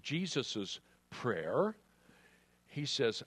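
Earnest low-voiced male preacher. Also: animated, measured pace, dry recording. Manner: earnest, emphatic, acts out quoted prayers. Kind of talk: sermon.

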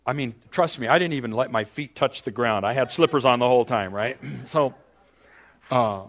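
A man's voice: medium pitch, normal speed, a bit bright. An older man, a pastor, telling a personal story in a sermon, with self-deprecating humor, his voice rising and then dropping to a near whisper.

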